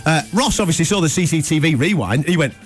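A man's voice: a little high, lively intonation, fast talker, breathy edge, faint music behind. A man hosting a breakfast radio show, telling rambling jokey stories in casual chat.

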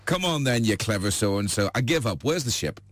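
A man's voice: lowish voice, animated, a little fast, soft background music, natural voice. A man voicing a cheeky, know-it-all male ship's parrot that squawks out a magician's secrets in a joke. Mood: exasperated. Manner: squawking, taunting.

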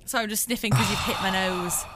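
A woman's voice: mid-range voice, steady tone, fast, a bit bright. A young woman co-hosting a casual podcast, laughing and self-mocking. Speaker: podcast co-host. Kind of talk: casual chat.

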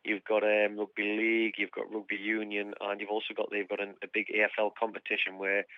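A chatty Geordie man in his thirties comes through a thin, tinny phone line. His voice sits low and has a flat, steady pitch as he talks casually and keeps calling the host "mate". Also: quick pace, no room sound. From North East England. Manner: chatty, says "mate" a lot. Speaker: footballer guest. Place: Australia, over a phone line.

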